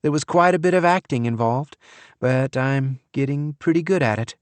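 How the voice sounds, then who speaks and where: A man's voice: mid-range voice, normal speed, clear, resonant tone, dry recording, voice pushed up, natural voice. A man voicing a cold, scheming young woman in an audiobook, with a breezy, offhand delivery. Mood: mocking sing-song. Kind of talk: audiobook character voice.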